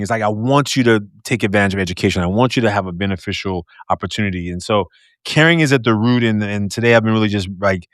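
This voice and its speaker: Loud, deep-voiced male podcast host. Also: no room sound, clean studio sound. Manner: animated and expressive, laughs often. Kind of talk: casual conversational interview.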